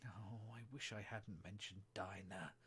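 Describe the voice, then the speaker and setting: A man's voice: mid-range voice, animated, normal speed, vocal fry, fairly bright tone, slight background noise. Alice, a man voicing an eager young girl. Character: curious polite young girl.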